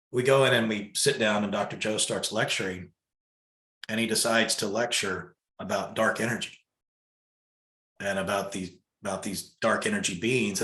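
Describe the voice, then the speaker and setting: A man spins a personal story in a relaxed fireside chat, full of fillers and little acted-out quotes. His voice sits on the low side but comes across bright and forceful. The room around him gives it a noticeable echo. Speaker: guest telling a personal story. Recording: echoey room.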